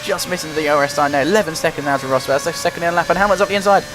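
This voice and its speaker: A young man giving running play-by-play commentary while playing a racing game, getting excited and frustrated as he drives. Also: on the high side, rapid-fire, few pauses. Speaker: gaming commentator. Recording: loud game music behind the voice. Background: game music and engine noise.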